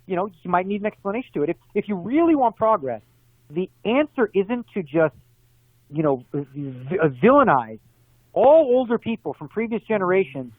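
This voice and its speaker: A man calls in as an interview guest, his voice a touch higher than most. He talks fast and animated, making his case through examples. The line sounds tinny and phone-like, completely dry with no room around it. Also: dry recording. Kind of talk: casual interview conversation.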